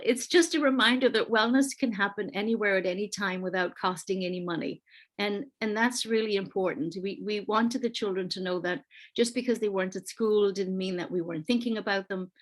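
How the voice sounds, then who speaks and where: A woman, an early-years school leader, giving an earnest, conversational presentation with slides over a video call, with fillers and restarts. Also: medium pitch. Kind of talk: online panel presentation with slides.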